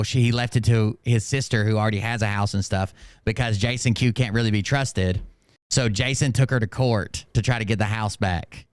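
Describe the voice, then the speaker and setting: Guy on a stream breaking down clips, mocking tone, smooth clear voice, dry close mic. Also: mid-range voice, dry recording. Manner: mocking, repeats and explains played clips. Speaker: commentary host. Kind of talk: live-stream commentary on clips.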